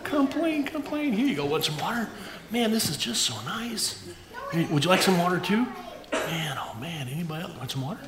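A pastor giving a playful, animated children's sermon in a church. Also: medium pitch, brisk, reverberant, a crowd in the background.

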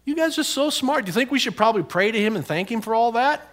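A man's voice: very high voice, fast, roomy sound. A man who is a pastor giving a children's sermon, asking the kids questions and cheering them on. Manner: animated, questioning, encouraging toward kids.

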